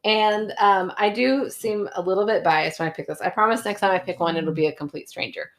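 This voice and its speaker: A woman's voice: mid-range voice, brisk. A woman co-hosting a podcast, reading a listener's story aloud and chatting, laughing often as she retells things. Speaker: podcast co-host. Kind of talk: casual chat and story reading.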